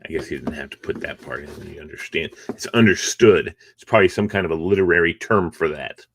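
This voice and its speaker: This middle-aged man, just out of bed and sleepy, hosts a morning encouragement livestream from home. His rumbling low voice runs a little fast, a bit bright and slightly rough, in a dry recording. He rambles and chats, yawning between thoughts and chuckling in asides.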